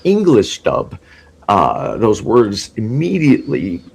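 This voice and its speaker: A man guesting on a podcast, rambling excitedly through a casual story and laughing often. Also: on the low side, slow pace, gravelly, husky.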